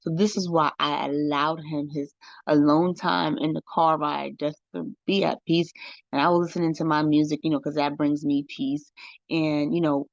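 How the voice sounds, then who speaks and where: Low-voiced woman podcast host, chatty. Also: flat delivery, moderate pace, creaky, no room sound, lo-fi sound. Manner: chatty, frequent "right?" and "you know". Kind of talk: casual storytelling monologue.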